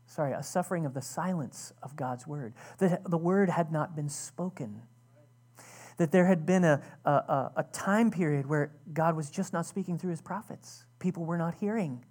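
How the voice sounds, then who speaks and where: A woman's voice: low voice, normal speed, a little mellow. A woman pastor giving a conversational, earnest sermon, often restarting her sentences.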